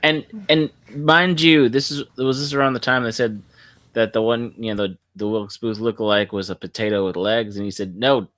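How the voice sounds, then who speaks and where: A man co-hosting a podcast who chimes in with quick jokes during a casual chat. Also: lowish voice, fairly even intonation, fairly bright tone, dry recording. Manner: quick jokey interjections. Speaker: podcast co-host.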